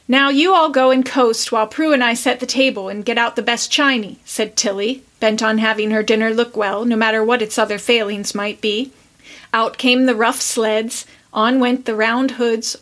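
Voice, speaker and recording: A woman podcast host reading a classic story aloud with measured, expressive narration. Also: fairly high pitch.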